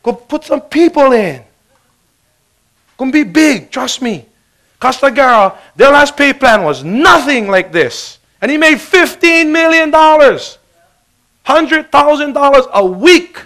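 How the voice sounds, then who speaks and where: A man giving an energetic, joking motivational sales talk. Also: extremely high pitch, slow. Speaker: business presenter.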